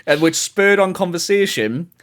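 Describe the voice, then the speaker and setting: An excitable young man chatting casually on a podcast. His voice swings up and down with energy. He keeps calling his friend "mate" and breaks into laughter often. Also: sits high, normal speed. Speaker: podcast co-host. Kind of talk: casual chat.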